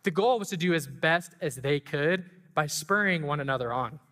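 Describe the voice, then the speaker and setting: A man with a bright, fairly high voice preaches to his congregation, telling a story with feeling and building to excited emphasis. His voice rings out through a church sanctuary with a long reverb trailing each phrase. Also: normal speed. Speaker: pastor and school track coach. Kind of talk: sermon.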